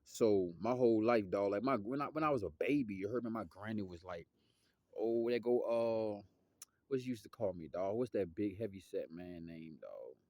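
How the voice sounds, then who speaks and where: A man's voice: animated, brisk, darkish tone, dry recording. A young man, talking in a loose, slangy, rambling monologue that drifts off topic. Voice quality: deep voice. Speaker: musician vlogger.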